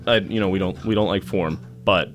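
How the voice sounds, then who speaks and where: A man's voice: sits low, brisk, highs cut off, soft background music. A young man co-hosting a college radio show, joking and laughing in casual chat. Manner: joking, laughs often, animated.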